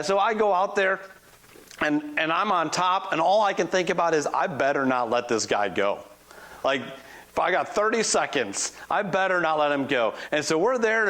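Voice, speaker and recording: A man in his forties, a guest preacher telling a personal story in a conversational, animated sermon. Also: fairly high pitch. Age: 40s.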